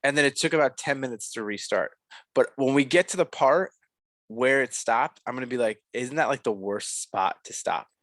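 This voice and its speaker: Talking casually about a film on the podcast he co-hosts, this young man wanders off track, leans on filler words and keeps correcting himself. The recording is dry, and his medium-pitched voice is a little bright and moves at normal speed.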